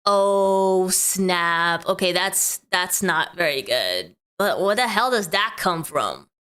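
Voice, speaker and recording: A woman's voice: fairly low pitch, animated, slow pace, sharp tone, clean tone. A woman streamer reacting to clips with teasing, sarcastic commentary. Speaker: streamer host.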